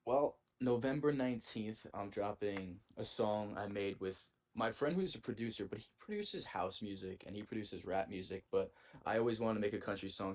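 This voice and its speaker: Easygoing young male guest, low voice. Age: young adult. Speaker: podcast guest. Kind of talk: casual interview answers.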